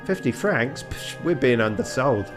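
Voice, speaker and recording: A man's voice: medium pitch, animated, measured pace, over music, voice pushed up, natural voice. A man voicing a nervous young male sparrow assistant in a game, with a whiny, grumbling manner.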